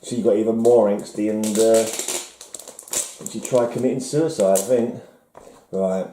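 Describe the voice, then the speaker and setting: A comic collector shows off his haul, rambling casually, musing aloud, poking fun at himself and letting thoughts trail off. His voice sits on the low side with a steady, dark tone, a little slow with long pauses, and the room sounds spacious.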